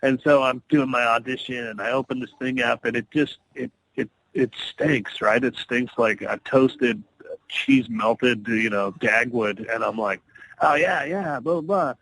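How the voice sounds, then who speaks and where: A man who is an actor guest on a podcast, telling stories in a relaxed, casual way and often laughing. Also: medium pitch, a little slow, vocal fry, slight background noise, poor audio. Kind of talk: casual interview storytelling.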